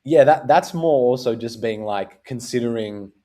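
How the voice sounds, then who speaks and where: A man's voice: mid-range voice, normal speed, mellow. Rambling, easygoing male podcast host. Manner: loose and rambling, heavy on fillers, swears freely. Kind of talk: casual chat.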